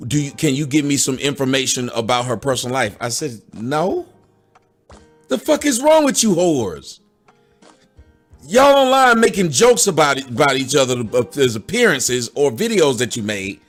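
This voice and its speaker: A woman talks back at a clip in sarcastic, indignant commentary, firing off pointed questions. Her pitch moves in lively swings, and soft music plays underneath. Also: normal speed. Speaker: commentator answering a critic. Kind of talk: reaction commentary.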